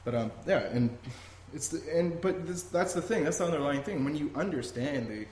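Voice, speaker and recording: A man's voice: a little high, animated, normal speed, darkish tone. A man hosting a podcast in a heated, emphatic rant that often turns to swearing. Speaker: podcast host. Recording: echoey room with faint noise.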